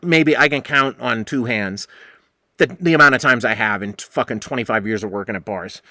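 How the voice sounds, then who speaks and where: A man in his forties hosting a podcast, telling a story in a casual, profane, animated way and acting out the other people's voices. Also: medium pitch, fairly quick, dry recording, studio quality. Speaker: podcast host.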